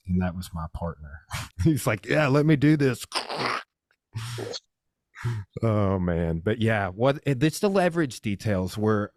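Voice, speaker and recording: Excited man retelling a story, dry sound. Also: lowish voice, dry recording. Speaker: podcast host. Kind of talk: casual chat.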